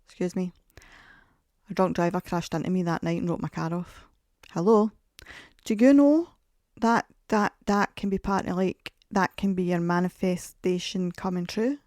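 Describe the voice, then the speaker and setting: A woman's voice: lowish voice, little pitch movement, normal speed, darkish tone, dry recording, clean studio sound. A woman in her forties hosting a podcast, telling chatty, rambling, self-mocking stories. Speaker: podcast host. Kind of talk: casual podcast monologue.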